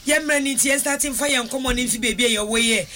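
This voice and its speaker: A woman's voice: sits high, fast, over music. A woman hosting a radio talk show, giving brief affirmations and mixing English with her local language. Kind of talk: casual radio discussion.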